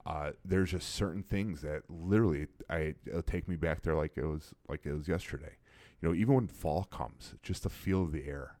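Deep-voiced man swapping old football stories. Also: moderate pace, dry recording. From Chicago area. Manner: animated storyteller, repeats phrases, many restarts. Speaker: former college football player reminiscing. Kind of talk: casual chat.

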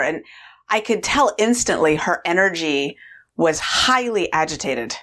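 A woman's voice: fairly low pitch, measured pace. A woman in her forties telling a personal story on her vlog, acting out the voices as she goes. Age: 40s. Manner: animated storyteller acting out dialogue. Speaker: vlogger, weight-loss coach.

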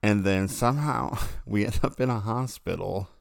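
A man's voice: lowish voice, normal speed, vocal fry, dry recording, clean studio sound. A man casually telling a long, rambling story about his dreams, often correcting himself mid-sentence.

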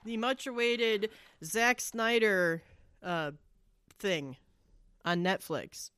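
A woman's voice: mid-range voice, expressive, drawn-out words, fairly bright tone, smooth, no echo. A woman co-hosting a casual review podcast, giving blunt opinions with dry, shrugging asides. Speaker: podcast co-host. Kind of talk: casual chat.

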